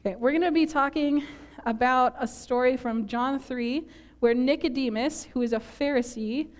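Woman pastor from northern minnesota, slightly high voice, chatty and laughing at herself through the sermon. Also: moderate pace. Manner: chatty, self-deprecating, laughs often. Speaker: preacher. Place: church.

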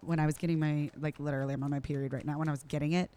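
A woman's voice: deep voice, clear, resonant tone. A woman chatting casually, telling stories with many filler words. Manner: animated storytelling, quick, many "like" fillers. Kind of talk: casual chat.

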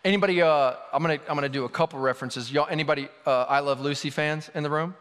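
A man's voice: on the high side, fairly even intonation, quick pace, fairly bright tone, smooth. Conversational man preaching in a reverberant hall. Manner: conversational, candid, humorous storytelling. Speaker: pastor. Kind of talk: sermon. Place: church sanctuary. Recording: long reverb of a large hall.

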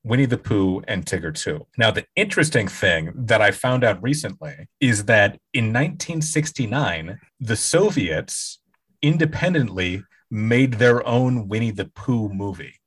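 A man's voice: lowish voice, a little slow, breathy edge. A man co-hosting a podcast in casual chat, steadily laying out facts and dates. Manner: steady, informative, lays out facts. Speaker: podcast co-host.

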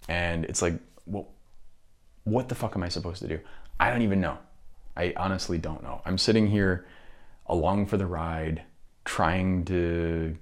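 A man hosting a solo talk show, ranting in frustration, swearing often and restarting his sentences. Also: sits low. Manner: frustrated, profane, rambling with restarts. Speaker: podcast host. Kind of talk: solo political rant.

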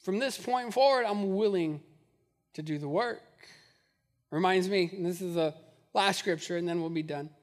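A man's voice: high voice, normal speed, long pauses, in a large hall. A man preaching a sermon, who speaks in a conversational, humorous way and builds to fervent repetition. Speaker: pastor.

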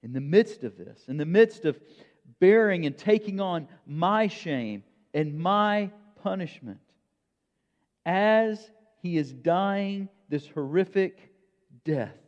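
A man delivers a sermon slowly and deliberately, leaning on dramatic pauses for emphasis. His voice sits a little high for a man. The sound is muffled and lo-fi, with a long reverb tail as if he is in a church sanctuary. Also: expressive, darkish tone. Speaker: preacher.

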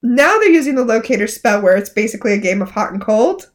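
Woman co-host, fairly high voice, animated and swearing in casual recap chat. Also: fast. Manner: animated, exclamatory, swears freely. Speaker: podcast co-host.

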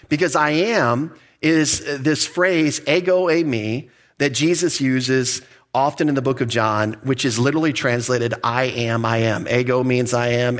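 A man's voice: mid-range voice, fairly bright tone. A man, a pastor, teaching through a Bible passage in a conversational, emphatic preaching style with light laughs. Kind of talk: expository sermon.

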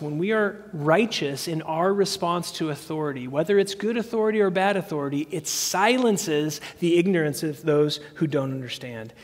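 High-voiced preacher in a reverberant hall. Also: male voice. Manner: earnest, asks the congregation questions. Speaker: pastor. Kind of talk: sermon.

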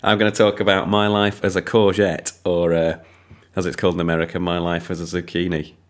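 A man's voice: sits low, level tone, fairly quick. A man reviewing films on a podcast in casual chat, rambling and enthusiastic with lots of ums.

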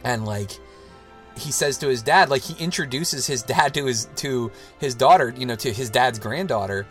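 A man's voice: medium pitch, moderate pace, a bit bright, faint music behind. A man in his thirties hosting a casual chat, talking loosely with lots of "like" and restarts. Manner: rambling, loose, full of "like" and restarts. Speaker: podcast host.

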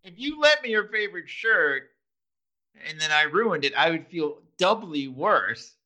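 A man's voice: on the high side, sing-song, unhurried, bright, forceful tone. A man co-hosting a casual chat, recapping a TV episode, laughing often and restarting his sentences. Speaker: podcast co-host.

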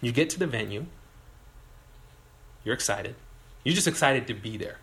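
A man preaching a sermon in a relaxed, conversational way, telling stories and putting questions to his listeners. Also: mid-range voice, normal speed. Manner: conversational, animated storytelling with audience questions. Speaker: pastor.

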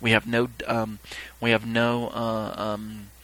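A man reading scripture aloud and teaching on it, stressing key words slowly and breaking off into halting asides. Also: fairly low pitch, monotone, a bit bright, rough recording. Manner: halting asides with fillers and restarts. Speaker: Bible teacher.

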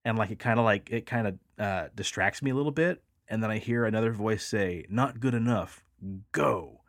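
A man's voice: lowish voice, fairly quick, dry recording, studio quality. A man hosting a podcast, telling a story in a casual, rambling way, with lots of fillers and the odd swear word. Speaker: podcast host.

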